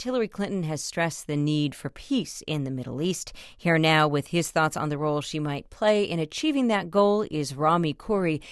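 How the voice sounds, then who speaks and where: A woman hosting a news radio interview, crisp and formal, reading scripted introductions and asking questions. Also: deep voice, no echo, clean studio sound.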